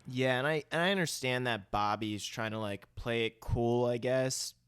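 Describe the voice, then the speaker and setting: A laid-back man in casual podcast chat who thinks aloud and swears in passing. His mid-pitched voice is smooth and clean, recorded close and dry. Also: normal speed, a bit bright, dry recording. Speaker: podcast co-host. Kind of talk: casual movie discussion.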